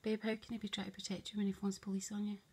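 Woman, confiding rambling monologue, husky, flat delivery, slips into whispers. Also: mid-range voice, rapid-fire. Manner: hushed, often drops to a whisper; meandering and confiding, voices both sides of an imagined dialogue. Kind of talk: rambling spoken monologue to camera.

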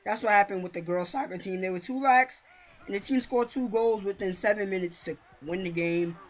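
A young man with a high, light voice talks loosely over a football video game. He rambles and jokes between plays and chews gum as he goes. It sounds like a relaxed recording made at home. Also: a little fast. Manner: chatty, rambling, hypes his team and slams his kicker; chewing gum while talking. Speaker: gaming commentator. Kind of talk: casual gameplay commentary.

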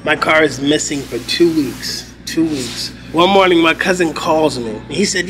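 Man, young adult, high voice, animated storyteller, acts out quotes, swears, noisy background. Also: measured pace, few pauses. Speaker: teacher telling his own story. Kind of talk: animated documentary interview. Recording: interview with clear background noise.

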